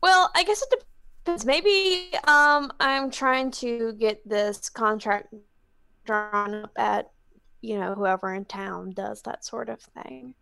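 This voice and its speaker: A man voicing a frazzled young woman adventurer in a tabletop game, halting and exasperated. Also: very high-pitched, steady tone, vocal fry, sharp tone, smooth, voice pushed up, exaggerated voice. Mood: unsure.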